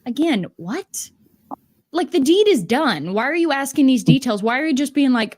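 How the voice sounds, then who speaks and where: Sarcastic high-voiced woman streamer. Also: sing-song, normal speed. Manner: sarcastic, incredulous, swears casually. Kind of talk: livestream reaction commentary.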